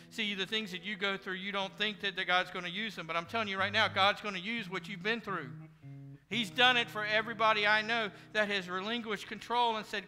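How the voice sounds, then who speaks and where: An earnest male pastor delivers a sermon in a fairly high voice, acting out the prayers and conversations he imagines. His words ring through a reverberant church hall. Guitar music plays clearly behind him. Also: fairly even intonation, a little fast, sharp tone. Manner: earnest, preacherly, voicing imagined prayers and speeches. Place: church sanctuary.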